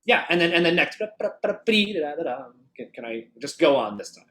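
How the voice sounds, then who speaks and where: A man's voice: on the high side, big pitch swings, slow, loud music behind the voice. A man teaching a clarinet masterclass over a video call. He thinks aloud with restarts and fillers, and sings the phrases on nonsense syllables to show what he means. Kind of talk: masterclass coaching.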